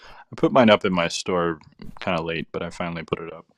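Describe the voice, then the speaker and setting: A man's voice: low-pitched, a little fast. A man co-hosting a live painting stream, easygoing and joking, sounding tired. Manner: easygoing, joking, relaxed drawl. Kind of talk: casual live-stream chat.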